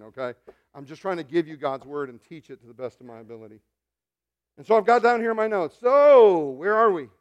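A man preaching from the pulpit with a somewhat high voice. He swings between soft, near-whispered lines and loud, fervent calls, and breaks off now and then into joking asides to the congregation. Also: lo-fi sound. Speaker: pastor. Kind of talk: sermon.

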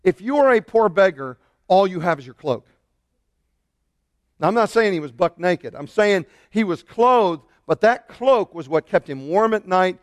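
Animated man preaching a sermon. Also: high voice, a little slow, dry recording. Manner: animated preacher, shouting out quoted lines. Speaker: pastor.

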